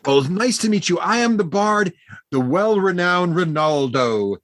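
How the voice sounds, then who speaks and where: A man's voice: high-pitched, expressive, a little slow, a bit bright, dry recording, voice pushed up. A man voicing a flamboyant, self-important halfling bard with a grand, theatrical manner. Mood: cheerful.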